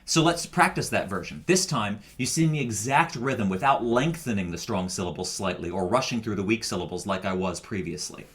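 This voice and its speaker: A man's voice: on the low side, a little fast, few pauses, a bit bright. Patient man leading a choir rehearsal. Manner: patient, step-by-step explaining. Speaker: choir director. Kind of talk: recorded choir rehearsal instruction.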